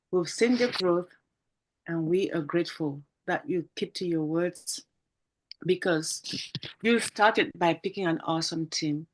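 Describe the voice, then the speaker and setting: Fervent woman giving a tribute speech. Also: fairly low pitch. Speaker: panel team member. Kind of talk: tribute speech on a video call.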